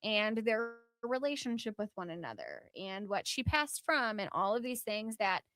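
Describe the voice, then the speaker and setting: A woman's voice: medium pitch, normal speed, no echo. A woman hosting a podcast, telling a story in casual chat with lots of fillers and acted-out quotes. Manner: animated, lots of filler words, acts out quotes. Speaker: podcast host.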